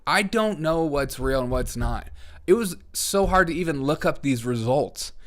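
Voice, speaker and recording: A man's voice: a little high, animated, normal speed. A man hosting a comedy news live stream, talking sarcastically and laughing often. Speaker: host.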